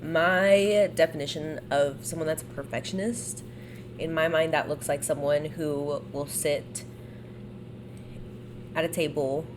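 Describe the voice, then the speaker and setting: Twenties woman, low-pitched, relaxed giggly co-host, noisy room tone. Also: a little slow. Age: 20s. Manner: easygoing, giggly, loose phrasing. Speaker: podcast co-host. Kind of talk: casual chat.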